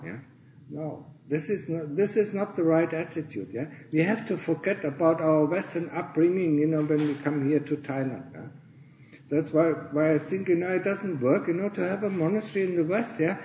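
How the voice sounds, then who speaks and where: Earnest monk ending phrases with "yeah?". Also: male voice, a little high, normal speed, darkish tone, echoey room, slight background noise, poor audio. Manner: earnest, tags nearly every phrase with 'yeah?' or 'huh?'; clears his throat often. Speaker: Buddhist monk teaching fellow monastics. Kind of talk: Dharma talk. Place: monastery in Thailand.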